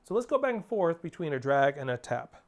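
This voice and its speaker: A man's voice: a little high, very animated, brisk, noisy background. A male percussion teacher giving a drum lesson, coaching steadily, counting off and singing rhythms as syllables. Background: percussion playing.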